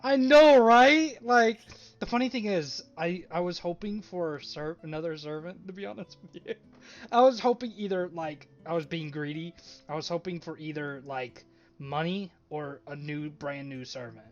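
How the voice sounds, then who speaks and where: A man's voice: a little high, moderate pace, highs cut off, faint music behind. A man playing a tabletop game online, talking casually and laughing often, with some swearing. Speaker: player.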